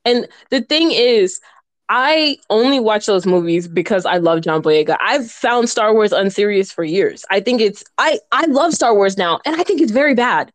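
A woman chatting on a podcast, a lively storyteller who slips into quoted voices and laughs along the way. Her voice sits in a middle register, and the sound is dry and close. The talk is loose and unscripted. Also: mid-range voice, normal speed, no echo. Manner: animated storyteller, acts out quotes, laughs often. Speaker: podcast co-host. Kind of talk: casual podcast chat.

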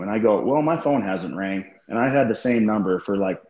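A man's voice: lowish voice, a little fast, a little mellow, slight background noise. A man, a former wrestler as podcast guest, telling a profane story and acting out what others said. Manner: profane, acts out quoted dialogue. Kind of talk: casual storytelling interview. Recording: roomy, dull lo-fi sound.

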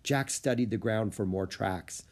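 A man reading a children's chapter book aloud in an expressive storytelling manner. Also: on the low side, unhurried. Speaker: audiobook narrator.

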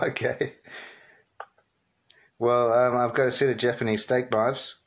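Deadpan man making a prank call. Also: mid-range voice, slow pace. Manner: hesitant, deadpan, trails off with ums and laughs. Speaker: prank caller.

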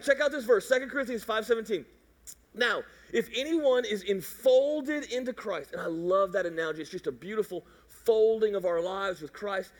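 A middle-aged pastor from Mississippi, preaching in an animated, jokey way and acting out voices. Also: male voice, very high-pitched, big-room sound. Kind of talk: sermon.

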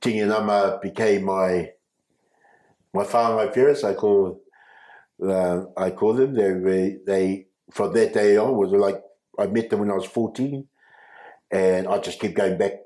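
A man's voice: on the low side, fairly even intonation, mellow. Older New man telling his story. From New Zealand. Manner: halting, many restarts, chuckling often. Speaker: interview guest. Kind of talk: personal storytelling. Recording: echoey room.

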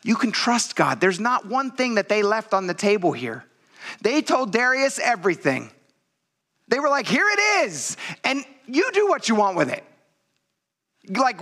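A man in his thirties preaching a conversational midweek sermon, telling stories and reading scripture aloud. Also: high voice. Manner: conversational, animated storytelling with laughs. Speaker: pastor.

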